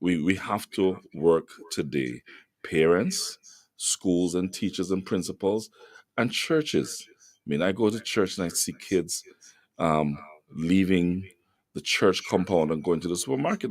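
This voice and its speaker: A middle-aged Jamaican man hosting a radio talk show from a studio. His voice is very low but lively, rising and falling as he makes emphatic, moralizing points. The sound is dry and close to the microphone. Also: a little slow, no echo. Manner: emphatic, moralizing, repeats words for stress. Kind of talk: preachy radio commentary.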